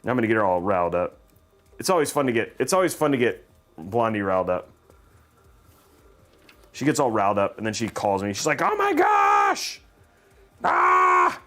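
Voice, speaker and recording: Chatty, animated livestream host, a man. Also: on the low side, fairly quick, pauses often. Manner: rambling, joking, laughs often. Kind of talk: casual livestream chat.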